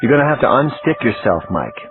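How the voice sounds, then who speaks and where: A man's voice: mid-range voice, normal speed, natural voice. A man reading the part of a head nurse who is blunt, firm and caring. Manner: firm and direct. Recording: tinny phone-like audio, faint music.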